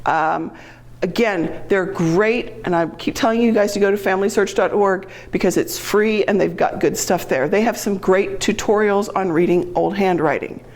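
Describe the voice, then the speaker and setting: A middle-aged woman presents to a genealogy class in a relaxed lecture style. Her voice sits at a middle pitch, and her tone is chatty and explanatory. She often says "um" and restarts her sentences as she works through examples. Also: moderate pace. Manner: chatty, explanatory, frequent ums and self-corrections.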